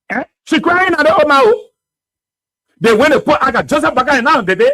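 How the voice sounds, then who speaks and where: A man with a Liberian English accent hosting a radio talk show, giving animated, mocking political commentary and laughing often. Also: very high-pitched, fairly quick, no room sound.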